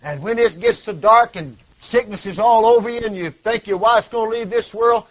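A man preaching a sermon, swinging from loud cries to hushed tones and leaning on rhetorical questions and repetition. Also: high-pitched, normal speed. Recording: dull lo-fi recording.

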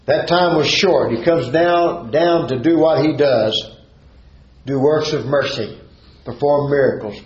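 A man's voice: medium pitch, roomy sound, highs cut off, slight background noise. A male preacher, preaching a sermon in a fervent cadence and repeating phrases for emphasis.

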